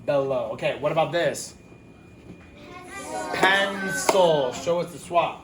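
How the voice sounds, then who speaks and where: A man teaching a phonics lesson to young children, talking casually, with quick asides and self-corrections. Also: on the high side, background noise.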